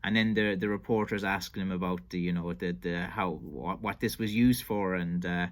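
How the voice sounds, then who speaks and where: A man's voice: deep voice, steady tone, moderate pace. Hesitant Irish-raised man commenting. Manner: hesitant, many fillers and restarts. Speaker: stick maker reviewing an old interview. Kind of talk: casual commentary.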